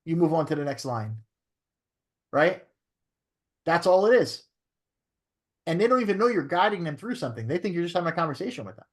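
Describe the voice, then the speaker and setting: A man's voice: fairly high pitch, big pitch swings, brisk, long pauses. A man who is a real estate broker teaching a training class in a coaching way, often checking in with "right?".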